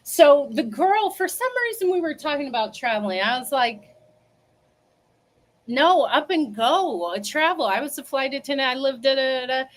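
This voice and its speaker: Sassy, animated woman telling a story. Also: high voice, fairly quick, hardly any pauses. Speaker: livestream host. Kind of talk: casual storytelling livestream.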